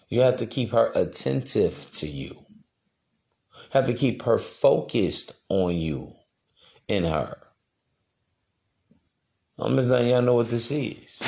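A man's voice: mid-range voice, gravelly. A man hosting a podcast, talking in a loose, slangy, preachy monologue. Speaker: podcast host. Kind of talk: casual monologue.

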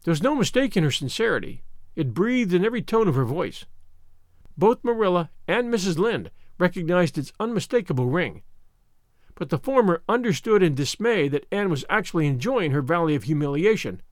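A man reading a classic novel aloud as narrator, in an expressive storytelling manner. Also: high voice, brisk, no echo, studio quality. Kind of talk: audiobook reading.

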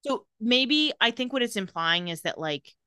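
A woman co-hosting a casual podcast, retelling TV scenes in an animated way and laughing often. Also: on the high side, clean tone, dry recording, studio quality. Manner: animated, laughs often, quotes characters in quick voices. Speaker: podcast co-host recapping a TV episode.

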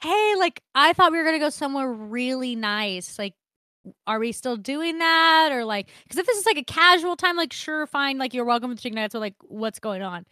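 Young woman podcast co-host, casual storyteller, crisp bright voice, dry close sound. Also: high-pitched, brisk, no echo. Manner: animated, swears freely, laughs often.

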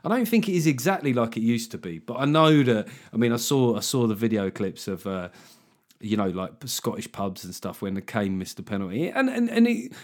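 A man's voice: mid-range voice, very animated, fairly quick. Wry, rambling man. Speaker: podcast host. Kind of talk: solo comedy podcast monologue.

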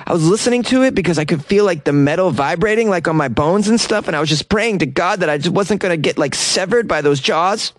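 A man's voice: high voice, animated, fast talker, hardly any pauses, no room sound, voice pushed up. A man putting on the voice of a flustered young woman who rambles and says "like" a lot. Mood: panicked. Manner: breathy, valley-girl rambling with many "like"s. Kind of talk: mocking quote voice.

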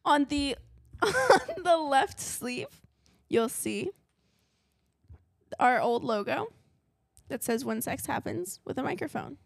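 A young woman co-hosting a casual podcast, speaking slowly in a high, lively voice with a fried edge. She is playful and giggly. The sound is dry and close. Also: gravelly, dry recording. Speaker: podcast co-host. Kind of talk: casual chat.

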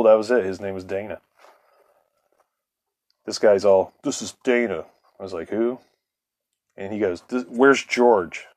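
A man's voice: lowish voice, a little mellow, no room sound. A man, the host, telling a long personal story in a casual, profane way, laughing often and acting out what others said. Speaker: podcast host.

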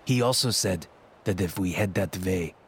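A man's voice: deep voice, normal speed, a little hiss or hum. A man voicing an older, gray-bearded Russian man with a thick Russian accent, speaking bluntly and heartily. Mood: earnest. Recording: narration over clear music.

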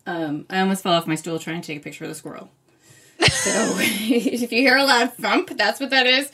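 A woman's voice: medium pitch, moderate pace, heavy background noise. A woman co-hosting a podcast, chatting casually and enthusiastically about new books, laughing easily. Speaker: podcast co-host. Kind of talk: casual book chat.

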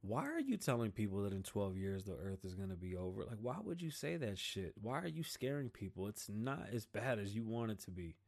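A man's voice: lowish voice, big pitch swings, a little fast, gravelly, hardly any pauses, a little mellow. A man hosting his own show, delivering a blunt, profane, slang-filled political rant in a casual style. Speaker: podcast host.

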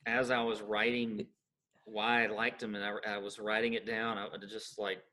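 A man co-hosting a casual podcast, teasing and exasperated in quick banter. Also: lowish voice, flat delivery, sharp tone. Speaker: podcast co-host. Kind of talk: casual sports betting chat.

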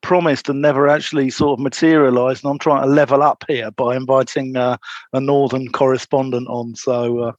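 A man's voice: mid-range voice, flat delivery, fairly quick, no echo, lo-fi sound. A man with a Southern English accent hosting a casual cricket chat, often stumbling and restarting his sentences. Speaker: podcast host.

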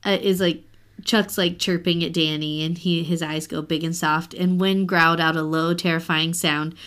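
A woman's voice: sits low, fairly even intonation, normal speed, a bit bright, clear, resonant tone. A young woman co-hosting a casual book podcast, gushing over a novel, reading excerpts aloud and laughing often. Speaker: podcast co-host.

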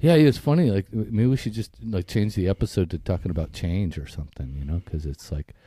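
Low, dark-voiced man in casual chat. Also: brisk, slightly rough. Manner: swears freely, restarts and stammers. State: tired morning voice. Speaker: podcast co-host.

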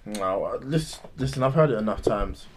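A man's voice: fairly low pitch, lively intonation, moderate pace, heavy background noise. A man co-hosting a podcast, teasing and opinionated in casual chat.

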